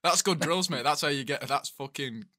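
Bright-voiced man, blunt banter. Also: a little high, moderate pace, dry recording. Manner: blunt, mocking interjections. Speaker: podcast co-host. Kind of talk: casual banter with swearing.

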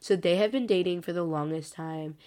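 A woman's voice: fairly low pitch, brisk, darkish tone. Sick-sounding teen girl podcast host. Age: late teens. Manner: rambling, heavy use of "like" fillers. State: sick, congested voice. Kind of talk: casual solo podcast chat.

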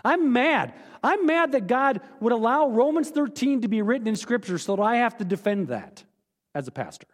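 Brief: male pastor, high animated delivery, earnest and blunt, echoey sanctuary. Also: moderate pace. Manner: earnest, candid, emphatic, with sudden drops to quiet. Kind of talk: sermon. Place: church sanctuary.

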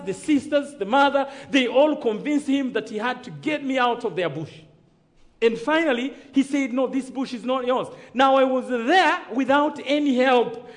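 A man preaching his own testimony in a strikingly high voice. He tells his story dramatically, acts out the dialogue, and keeps checking in with the congregation for an amen. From Rwanda. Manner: dramatic storytelling, acting out dialogue, calling for amens. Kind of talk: sermon testimony.

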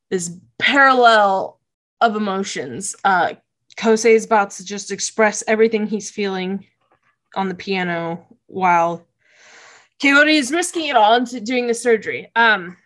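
A woman's voice: medium pitch, a bit bright. A woman casually recapping episodes of a show, emotional and gushing, laughing often and saying "like" a lot.

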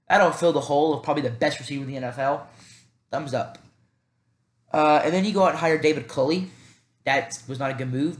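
A man's voice: on the high side, reverberant. Southern young man rambling on a headset. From American South. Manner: rambling, fast and animated, with many restarts. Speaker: podcast host. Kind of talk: solo sports podcast talk. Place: at home by a computer. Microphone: cheap headset.

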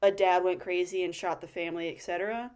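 A woman's voice: on the low side, fairly even intonation, fast, darkish tone, clean tone. A woman co-hosting a podcast in casual chat, making blunt points with plenty of swearing. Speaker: podcast co-host.

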